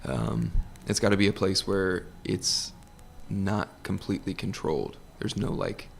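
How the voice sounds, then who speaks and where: A man who manages a bar, talking as a podcast guest in a relaxed, laid-back way. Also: on the low side, unhurried, creaky, a little hiss or hum. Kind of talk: casual conversation.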